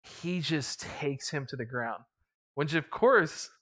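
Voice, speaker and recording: A man's voice: a little high, lively intonation, slow pace, fairly bright tone. A man casually recapping a tabletop campaign as its game master, rambling with lots of fillers and chuckles.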